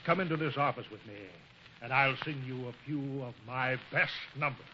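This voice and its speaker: An actor playing a pompous male baritone singer in a 1940s radio sitcom, formal and then smug. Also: moderate pace, natural voice. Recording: dull old radio broadcast with faint hiss.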